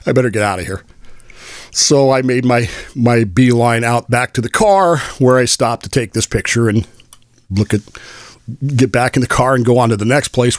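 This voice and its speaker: An older man from Washington State, US, rambles through a long storytelling monologue as host of his own show, amused and laughing a lot. His voice sits at medium pitch, with no room sound.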